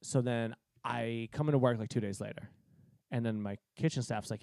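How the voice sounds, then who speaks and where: A young man from Cape Cod, Massachusetts, co-hosts a podcast and tells a story loosely and casually, swearing often, animated, and laughing easily. His ordinary-pitched voice has vocal fry, moves at normal speed, and sounds close and dry with no echo.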